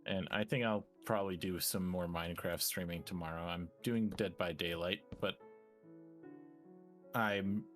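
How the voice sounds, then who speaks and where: A very low-voiced man chats casually on a live stream, sounding run down. He rambles along in a loose, relaxed way. Faint music plays behind him. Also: a little slow. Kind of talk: casual chat.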